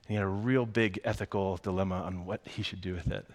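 A man preaching a sermon as a pastor, speaking in a conversational, expressive way. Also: deep voice, fast. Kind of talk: sermon with story reading.

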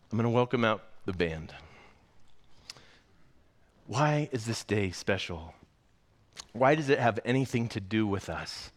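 A man preaching a sermon as a pastor, speaking in a conversational, expressive way. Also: mid-range voice. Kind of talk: sermon with story reading.

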